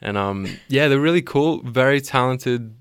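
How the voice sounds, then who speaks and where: A man's voice: mid-range voice, normal speed, clean tone, no echo, clean studio sound. A man with an Australian accent, a musician guest on a radio show, talking in a laid-back, hesitant way with many ums. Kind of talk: casual radio interview. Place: radio studio.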